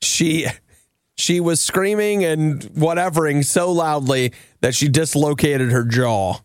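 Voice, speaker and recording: Radio co-host, male, congested with a cold, lively mock-exasperated storyteller, slightly higher voice, dry close mic. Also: slow pace, dry recording. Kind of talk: casual banter on air.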